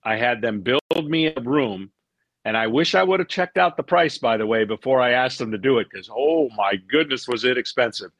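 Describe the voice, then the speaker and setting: A middle-aged man, a former pitcher, telling stories in a casual interview; he acts out what people said and often repeats words as he goes. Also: moderate pace, no room sound. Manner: animated storyteller, acts out quotes, repeats words.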